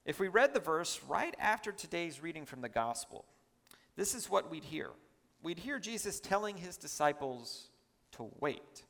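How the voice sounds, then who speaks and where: A man's voice: a little high, very animated, moderate pace, creaky, fairly bright tone, in a large hall. A man preaching a sermon in a church, emphatic and chatty, with asides to the congregation.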